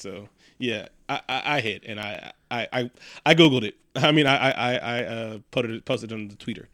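A man's voice: medium pitch, brisk, dry recording, studio quality. A man casually recapping a movie, joking and swearing freely as he tells the story. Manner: profane, joking, animated storytelling.

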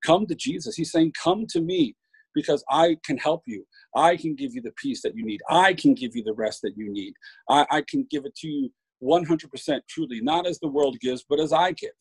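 A man's voice: on the high side, moderate pace, breathy edge, no echo, low-quality recording. A man giving an informal sermon, earnest and emphatic, often restarting words and building up to lists of points. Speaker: preacher.

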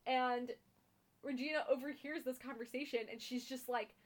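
A young woman with a fairly high voice, co-hosting a casual podcast. She recaps a TV episode in loose, chatty talk, full of ums and the odd bit of swearing. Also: fairly even intonation, moderate pace. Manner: chatty, frequent ums and laughs, blunt swearing. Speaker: podcast co-host.

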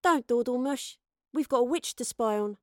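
A blunt young girl barks orders and slang, voiced by a woman reading an audiobook. She sounds brisk and bossy, and the voice is recorded close and dry, with no room around it. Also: fairly high pitch, no room sound, voice pushed up, natural voice. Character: young female time-traveller, blunt and bossy. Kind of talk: audiobook character voice.

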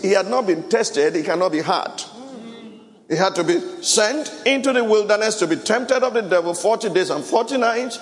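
A man's voice: sits high, expressive, moderate pace, in a large hall. A man preaching a sermon at a church worship service, reading scripture aloud and breaking into song now and then. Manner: preaching with Bible reading, asides and bursts of song. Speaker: pastor.

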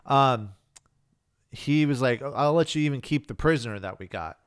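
A man's voice: medium pitch, animated, normal speed, clean tone, dry recording, studio quality. A man co-hosting a podcast in casual chat, laid-back and swearing, often trailing off mid-thought. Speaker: podcast co-host.

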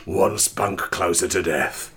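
A man's voice: low voice, slow pace, a bit bright, breathy edge. A man co-hosting a comedy podcast, playful and mock-dramatic, swearing freely. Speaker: podcast co-host.

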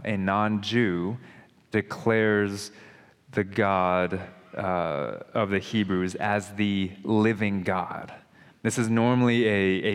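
Man preaching in an echoey hall. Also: mid-range voice. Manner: conversational, emphatic, addresses listeners as guys. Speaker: pastor. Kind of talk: expository sermon. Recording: long hall reverb.

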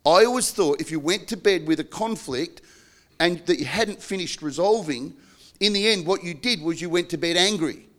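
A middle-aged man preaching an earnest sermon on marriage, acting out quarrels between spouses in sudden shouted bursts. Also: high voice, normal speed. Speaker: pastor.

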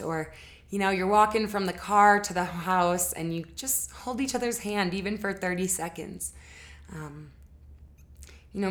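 A woman giving a casual spoken lesson on relationships, talking in an earnest, conversational way with frequent fillers and self-corrections. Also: fairly low pitch.

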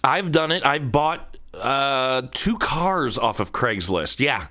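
A man's voice: mid-range voice, lively intonation, slow pace, sharp tone. A man hosting his own podcast from a home studio office, talking casually with jokey, rambling asides into a studio microphone. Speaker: podcast host. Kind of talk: casual solo podcast monologue. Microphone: studio microphone on a stand.

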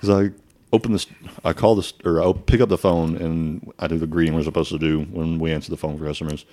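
Speaking fast in a very deep, warm voice with a level tone, this man co-hosts a podcast. His casual storytelling is full of profanity and laughs.

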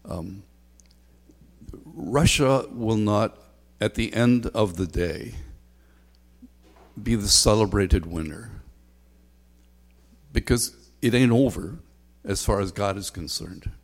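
A man's voice: fairly low pitch, takes it slowly, pauses often. A man preaching a sermon as a pastor, talking conversationally with frequent ums and a repeated refrain. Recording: long hall reverb.

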